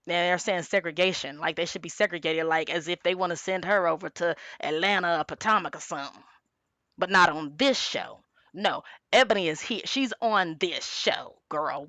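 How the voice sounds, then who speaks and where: A woman's voice: fairly low pitch, moderate pace, a bit bright, no echo. A woman giving a casual tarot reading, talking chattily and with emphasis, sometimes acting out quoted lines. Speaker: tarot reader.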